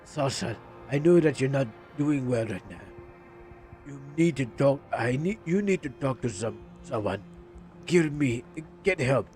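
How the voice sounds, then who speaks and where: A man voicing a pleading estranged father in a horror game, speaking softly and hesitantly. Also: medium pitch, animated, a little slow, faint music behind, pitched below the performer's own voice, close to an everyday voice. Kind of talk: reading horror game dialogue aloud.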